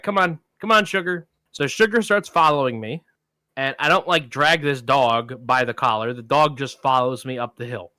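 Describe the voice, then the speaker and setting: Bright-voiced man telling a story. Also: fairly high pitch, dry recording. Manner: animated anecdote teller, acts out quoted voices. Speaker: podcast co-host. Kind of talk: casual storytelling chat.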